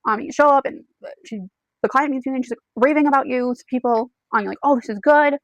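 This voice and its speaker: A woman's voice: high voice, quick pace, no echo, dull audio. A woman giving a casual, chatty book review, retelling the plot in second person with frequent check-ins.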